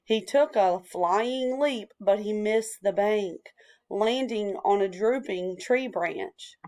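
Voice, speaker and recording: Woman storyteller, slow and deliberate picture-book reading, mid-range voice. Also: mid-range voice, darkish tone.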